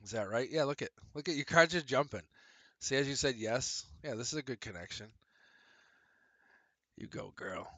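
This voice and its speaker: A man doing a live-streamed tarot reading, animated and profane, laughing often and acting out little quoted voices. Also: mid-range voice, fairly quick, dry recording. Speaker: tarot reader.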